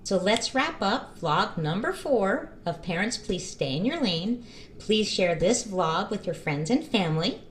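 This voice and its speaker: A woman's voice: mid-range voice, unhurried, a little hiss or hum. A middle-aged woman hosting a parenting advice vlog in a casual, storytelling way. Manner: lively, animated storytelling with acted-out quotes.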